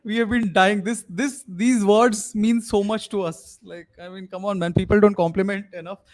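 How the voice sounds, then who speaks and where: A man's voice: high voice, fairly even intonation, moderate pace, a little mellow. A young Indian man with an Indian English accent hosting a live sports podcast, rambling with many fillers and slipping into Hindi. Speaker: podcast host. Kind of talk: live-streamed casual sports chat.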